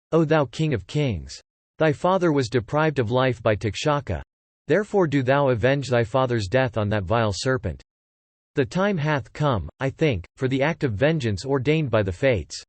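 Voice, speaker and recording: An earnest young disciple from an ancient epic storybook, read by a man, pleading in formal archaic speech. The voice stays at a middle pitch and sounds dry and close. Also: lively intonation, moderate pace, no echo, natural voice. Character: devoted young male disciple seeking vengeance on a serpent.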